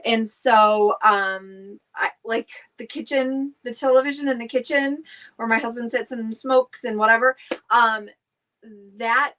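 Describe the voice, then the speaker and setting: A woman's voice: fairly high pitch, unhurried, a bit bright, a little hiss or hum. A middle-aged woman, chatting on a live stream, rambling with many fillers and restarts as she greets viewers. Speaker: direct seller hosting a weekly live stream.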